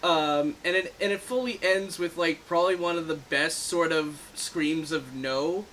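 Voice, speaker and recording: A man co-hosting a casual movie review podcast, animated and laughing often as he talks. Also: fairly high pitch, unhurried, slight background noise, rough recording. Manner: animated, laughs often, acts out quoted lines. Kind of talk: casual chat.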